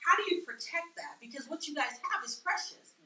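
High bright-voiced woman hosting a chat. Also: lively intonation, echoey room, recorded from a distance, poor audio. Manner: fast, emphatic, talks over others. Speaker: host. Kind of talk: casual chat.

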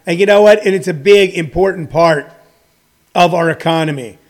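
A man's voice: sits high, moderate pace. A man in his sixties who runs a comedy school, talking in a rambling, joking monologue full of fillers. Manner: meandering, joking, many fillers.

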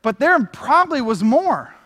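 Brief: high-pitched male pastor, energetic casual sermon, big hall reverb. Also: normal speed. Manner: energetic, conversational preaching with casual slang.

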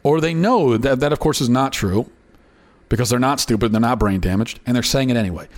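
A man's voice: mid-range voice, fairly quick. A man hosting a political commentary show, arguing in an emphatic monologue that climbs into indignant outbursts, often repeating and restarting words. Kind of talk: opinion monologue.

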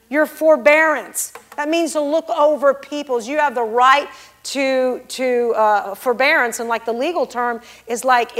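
A woman preaching a heartfelt sermon in a notably high voice. She drops to soft, almost whispered tones, then rises into loud, emphatic declarations. She explains scripture with earnest insistence. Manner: swings from hushed, near-whispered intimacy to loud exclamation; emphatic, expository. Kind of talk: sermon testimony.

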